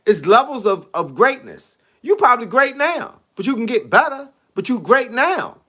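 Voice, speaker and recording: High bright-voiced man, laughing coach. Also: normal speed. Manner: animated, laughs often, slangy. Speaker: fitness and boxing coach. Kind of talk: casual live stream chat. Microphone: phone.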